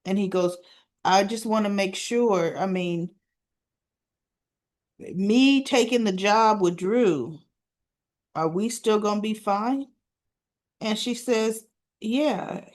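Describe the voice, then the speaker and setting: A woman's voice: medium pitch, slow pace, pauses often, darkish tone. A woman hosting a casual soap opera recap, retelling scenes and dialogue with chatty asides.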